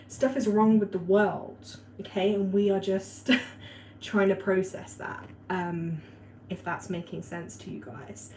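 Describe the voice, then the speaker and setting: A woman's voice: mid-range voice, dark tone. A young woman hosting a casual livestream, rambling and chatty with lots of fillers, reading out viewer comments. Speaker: astrology and spirituality livestream host. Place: warm indoor room at home. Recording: echoey room with faint ambient noise.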